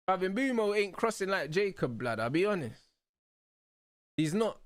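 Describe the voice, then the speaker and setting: A young man hosting a live football watch-along, talking excitedly in heavy slang and laughing loudly. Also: high-pitched, moderate pace, pauses often, no room sound, clean studio sound. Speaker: host.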